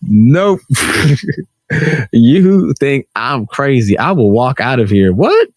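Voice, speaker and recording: Animated man telling funny stories. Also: slow pace, no room sound, studio quality. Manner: animated storytelling, acts out quotes with high squeals. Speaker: podcast co-host. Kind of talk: casual argumentative chat.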